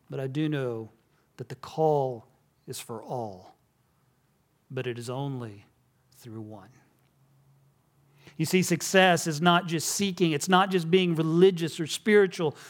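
A man preaching a sermon, telling stories and dropping to a hush on key lines. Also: fairly high pitch, unhurried, long pauses. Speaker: pastor.

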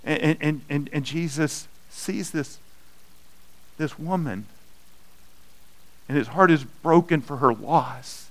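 A man preaching a sermon, with slow, dynamic delivery that swells loud and then drops soft. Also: on the high side, low-quality recording. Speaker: pastor.

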